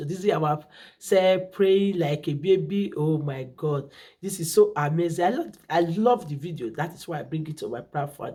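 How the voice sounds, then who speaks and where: A woman's voice: low-pitched, dark tone, breathy edge. A woman hosting a reaction video, talking casually and effusively, often hunting for words. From Nigeria. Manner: effusive, repeats exclamations, searches for words.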